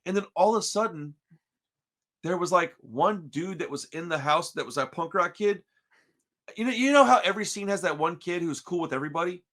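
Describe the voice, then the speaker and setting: A man from Texas telling a story on a podcast in casual chat, slangy and animated, calling everyone dude and bro. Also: high voice, a little fast. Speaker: podcast co-host.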